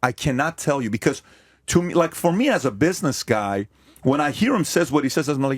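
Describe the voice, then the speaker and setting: Guy arguing hard on a podcast, voice swings all over, bit husky, dry sound. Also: mid-range voice, expressive, quick pace, no echo. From America. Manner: forceful, emphatic, rhetorical questions. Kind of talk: heated debate.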